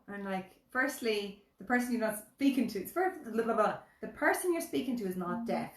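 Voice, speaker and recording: A woman's voice: mid-range voice, animated, a little fast, hardly any pauses, distant mic. A woman chatting casually as a co-host, telling stories with dry humour. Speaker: guest co-host. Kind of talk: casual live chat. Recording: echoey room, off-mic.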